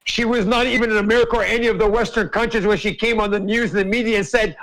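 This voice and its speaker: A man's voice: very high-pitched, quick pace, hardly any pauses, a bit bright, low-quality recording. A man hosting an open-mic group chat, ranting emphatically and swearing a lot. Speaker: host.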